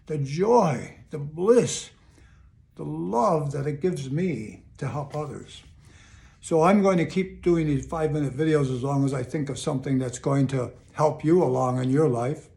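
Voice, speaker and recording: An older man gives an easygoing, heartfelt, positive motivational talk to camera at home in Chicago, frequently restating phrases. His voice is on the high side, gravelly and warm, at a measured pace.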